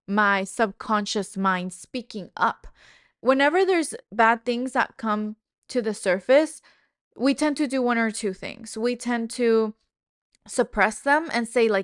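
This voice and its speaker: A woman's voice: on the high side, no echo, studio quality. A woman hosting a self-help podcast, speaking candidly and emotionally about her own experience, with casual swearing. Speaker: podcast host. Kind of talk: personal self-help monologue.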